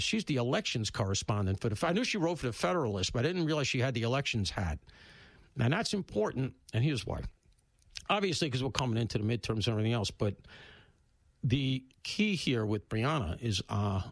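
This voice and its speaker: Male radio host, fairly high voice, dry studio sound, blunt, chatty, punchy asides. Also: no echo. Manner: blunt, conversational, swings between loud emphatic bursts and low asides. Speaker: radio talk show host. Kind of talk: opinionated talk radio monologue.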